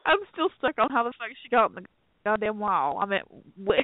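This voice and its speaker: A woman's voice: mid-range voice, sing-song, fairly quick, no room sound. A woman co-hosting a podcast, chatting bluntly and outspokenly about weird news. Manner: blunt, outspoken, laughing along. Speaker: co-host. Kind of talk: casual comedic podcast chat. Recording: tinny, phone-like, dry.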